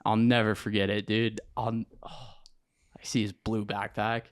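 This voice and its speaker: A young man, a podcast guest, telling his story in an animated, slangy way with lots of acted-out quotes. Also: fairly low pitch, measured pace, clear, resonant tone, no echo, clean studio sound. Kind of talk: casual storytelling interview.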